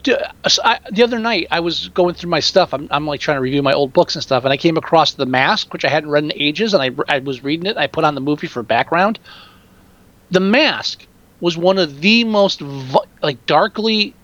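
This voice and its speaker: A man chatting casually about movies, excitable and swearing freely. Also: on the high side, fairly quick, muffled recording.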